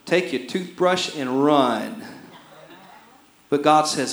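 A man preaching a sermon, swinging from shouts to hushed words. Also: fairly high pitch, expressive, slow pace, roomy sound. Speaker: pastor.

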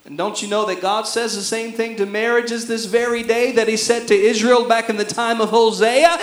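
A man delivers a sermon in a high voice. He swings between shouting and hushed, quiet lines. The sound is roomy and echoey. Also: fairly even intonation, normal speed, few pauses. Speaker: pastor.

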